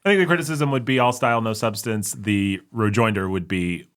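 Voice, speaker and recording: A man's voice: lowish voice, a little fast, a bit bright. A man co-hosting a movie podcast, rambling and self-mocking in a casual chat. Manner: rambling, self-mocking, mimics others in jokey voices. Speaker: podcast co-host.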